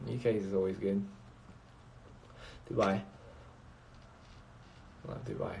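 A man's voice: lowish voice, fairly even intonation, slow, vocal fry, mellow, slight background noise. A man chatting casually on a phone livestream, rambling and reading out viewer comments. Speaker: livestream host.

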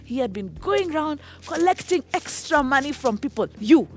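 A woman tells a Bible story to children in a high, bright voice that swoops up and down with animation. She sings short songs and keeps checking in with the kids. Faint music plays behind her. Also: moderate pace. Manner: animated storytelling, singing, frequent "okay?" checks. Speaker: Sunday school teacher.

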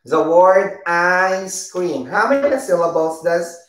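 A woman teaching a preschool circle-time lesson, speaking slowly and patiently, repeating words and praising often. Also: lowish voice, slight background noise. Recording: roomy echo.

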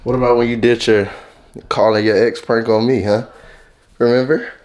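A man's voice: medium pitch, flat delivery, normal speed, darkish tone. A young man, teasing and laughing in a casual prank vlog. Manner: playful, teasing, laughing often. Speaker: vlogger. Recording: echoey room with light noise.

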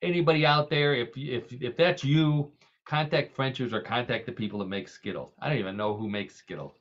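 This podcast host talks briskly in a mid-range, somewhat bright voice, trading gags and frequent laughter in a relaxed, comedic chat. The audio is dull.

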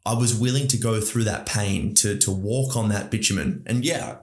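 A man's voice: on the low side, normal speed. A man with an Australian accent hosting a podcast, talking in an enthusiastic, rambling motivational monologue to his listeners. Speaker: podcast host. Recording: roomy echo.

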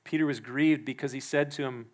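A male pastor preaching a sermon in a church, emphatic and quick to act out the people he quotes. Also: mid-range voice, fairly even intonation. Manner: emphatic, acts out the quoted speakers.

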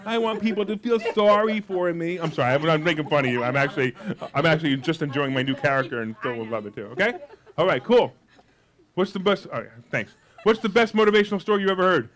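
A man giving a live motivational money seminar, brash and jokey, with loud outbursts and quiet asides. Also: on the high side, expressive, quick pace. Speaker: seminar speaker.

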